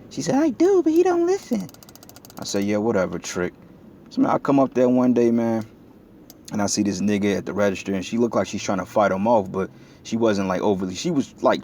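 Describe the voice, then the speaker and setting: A man's voice: lowish voice, darkish tone, slight background noise. A man giving a preaching commentary, talking blunt and profane in a street style that gets heated. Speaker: religious video commentator.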